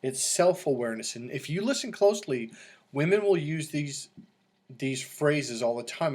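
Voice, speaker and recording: A man's voice: fairly high pitch, animated, moderate pace, darkish tone. A middle-aged man coaching in a casual monologue, telling stories and acting out quoted voices with animation. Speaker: dating coach.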